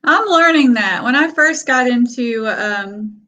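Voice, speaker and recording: A woman with a rural Kentucky Southern accent talks as a guest in a relaxed interview. Her voice sits a little high, and her delivery is plainspoken and calm. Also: slow pace, rough recording. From Texas-born, raised by Kentucky family. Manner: plainspoken, calm, lets out small laughs. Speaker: guest, gun-rights advocate. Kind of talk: casual interview conversation.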